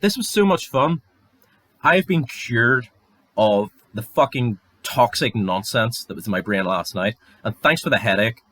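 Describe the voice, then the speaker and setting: A man's voice: on the low side, no room sound. A young Northern Irish man ranting alone on his podcast, sarcastic and sweary, his voice climbing when he gets heated. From Northern Ireland. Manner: angry, sweary, sarcastic, rising to near shouts. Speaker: podcast host. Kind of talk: solo rant.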